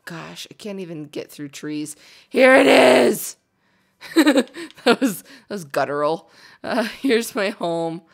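A young woman casually commenting on her own gameplay, chatty and excitable, chattering to herself and to the game animals. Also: lowish voice, unhurried. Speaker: gaming video host.

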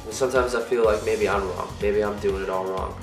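A young man playing the grown son of Jesus in a comedic film, soft-spoken and sincere with a sardonic streak. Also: fairly low pitch, fairly even intonation, a little fast, gravelly, roomy sound, faint music behind.

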